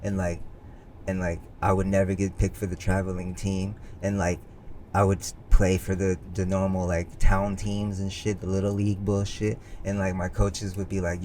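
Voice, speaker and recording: A young podcast co-host with a lowish voice, talking with boastful, driven intensity. He swears heavily and, when reflective, drops into a quieter, brooding register. A faint hum sits under the recording. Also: flat delivery, moderate pace. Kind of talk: casual podcast chat.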